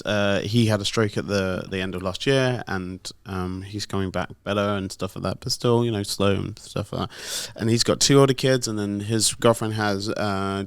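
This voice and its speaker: A man's voice: fairly low pitch, a bit bright, smooth, dry recording, clean studio sound. A middle-aged man chatting on a podcast, telling rambling stories full of fillers. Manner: rambling, storytelling with many fillers. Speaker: podcast host. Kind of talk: casual podcast chat.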